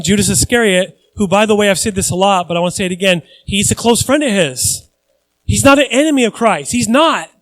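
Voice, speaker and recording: A man's voice: sits high, no echo. A male pastor preaching a conversational sermon, earnest and repeating phrases for emphasis.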